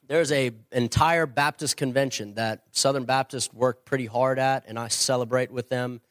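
An earnest man speaking as a missionary at a church question-and-answer session. He is emphatic and openly opinionated, with a mid-pitched voice and a dry, close sound with no room echo. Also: fairly even intonation, a little slow, fairly bright tone. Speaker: missionary and former pastor.

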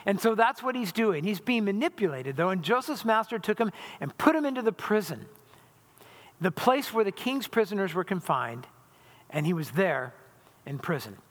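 High-voiced pastor preaching in a reverberant hall. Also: male voice. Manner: conversational, often asks "right?". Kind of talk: sermon.

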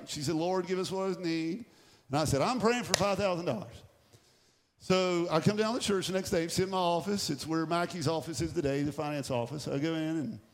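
A middle-aged man, a pastor, preaching a sermon and telling a personal story with animated, acted-out dialogue. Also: on the high side.

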